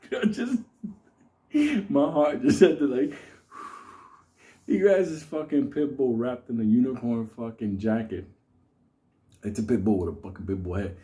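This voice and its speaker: Animated, laughing man telling a story. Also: on the high side. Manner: animated, profane, laughing often. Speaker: host. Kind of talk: casual storytelling.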